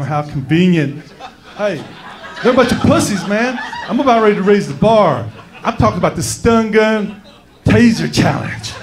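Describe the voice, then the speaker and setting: A man doing a crude, brash stand-up set on a comedy club stage, with an American accent, shouting his punchlines into a handheld mic. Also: high voice, gravelly. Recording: live club recording with loud crowd and music. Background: audience laughter.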